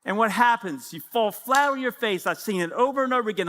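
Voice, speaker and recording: A man in his fifties delivers a lively sermon in a notably high voice. His tone is bright and forceful, and he keeps acting out short exchanges in prayer. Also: fast talker, slight background noise. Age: 50s. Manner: animated preaching, acting out prayers and dialogues. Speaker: pastor.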